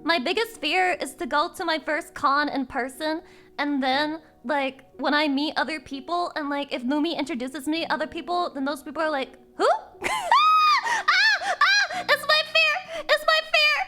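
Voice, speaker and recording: A woman VTuber streamer chatting casually with her viewers, excitable and profane, breaking into shrieking laughter. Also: high-pitched, moderate pace. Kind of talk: casual live-stream chat.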